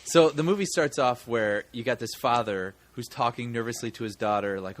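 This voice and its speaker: A man's voice: medium pitch, fairly quick, hardly any pauses. A man co-hosting a podcast, joking through a movie review and slipping into goofy voices for his bits. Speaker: podcast co-host. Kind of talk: casual movie review chat.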